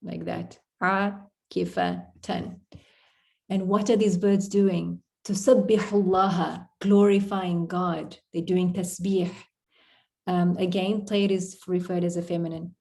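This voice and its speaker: A woman's voice: lowish voice, little pitch movement, measured pace, creaky, warm tone. A woman teaching an Arabic poem to a class on a video call, explaining it word by word in a chatty way. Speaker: Arabic tutor. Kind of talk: online class.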